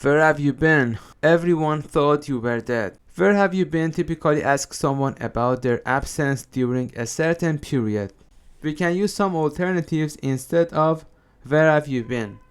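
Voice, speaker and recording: Man explaining English phrases, clear voice. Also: on the high side, moderate pace. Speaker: English teacher. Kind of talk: scripted lesson narration.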